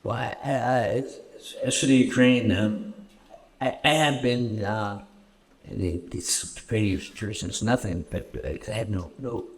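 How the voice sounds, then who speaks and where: A man from Canada answering audience questions at a festival screening, halting and repeating words often as he tells stories. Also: fairly low pitch, slight background noise. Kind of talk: festival Q&A storytelling. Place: festival stage Q&A.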